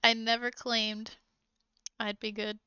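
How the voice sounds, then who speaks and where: A woman's voice: fairly high pitch, flat delivery, slow pace, sharp tone, smooth, dry recording, lo-fi sound. A woman streaming live, chatting casually with viewers, hesitant and giggly with many trailing ums.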